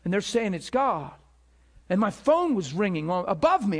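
Emphatic high-voiced male preacher. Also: moderate pace. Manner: animated, emphatic, acts out dialogue with rising pitch. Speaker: preacher teaching a ministry school. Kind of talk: sermon storytelling.

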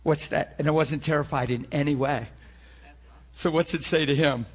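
Husky, animated male preacher. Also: a little high, moderate pace. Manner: laughing, animated, conversational preaching. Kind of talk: sermon.

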